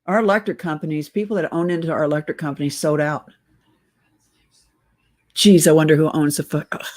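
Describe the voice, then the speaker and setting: A middle-aged woman with a somewhat low voice talks straight to her viewers in a casual vlog rant. She is short of breath from being on oxygen, and her tone stays urgent and conspiratorial as she keeps calling them guys. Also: steady tone, brisk, darkish tone. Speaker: political video blogger. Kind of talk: casual direct-to-camera rant.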